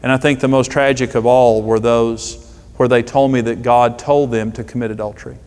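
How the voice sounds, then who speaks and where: A middle-aged man, a pastor, preaching a sermon with emphatic delivery and stories told with dramatic pauses. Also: mid-range voice, fairly even intonation, darkish tone, clean tone. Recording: long hall reverb.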